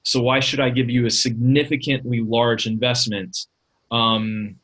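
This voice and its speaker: A man's voice: medium pitch, little pitch movement, a little slow, a bit bright, rough recording. Man coaching casually in a webinar. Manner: conversational, filler-heavy, coaching. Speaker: webinar presenter.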